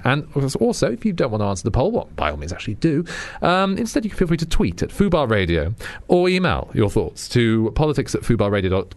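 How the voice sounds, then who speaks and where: A British political radio host with a lowish voice runs through current affairs in a wry, conversational monologue, frequently restarting and using fillers. There's no echo on the recording.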